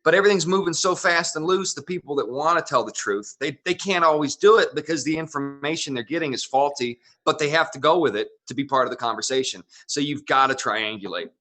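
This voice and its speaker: Male comedian guest from Wyoming, bright voice, opinionated and rambling. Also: a little high, expressive, brisk, hardly any pauses. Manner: opinionated, talks in long run-on thoughts. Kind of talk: casual interview.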